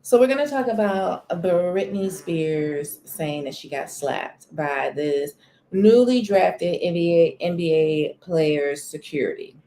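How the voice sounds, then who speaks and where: A woman's voice: fairly low pitch, slow, dark tone, a little hiss or hum. A woman hosting a casual live stream from a corner of her home, chatting expressively about celebrity news and greeting viewers in the chat by name. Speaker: livestream host. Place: corner of a room at home near a sunny window.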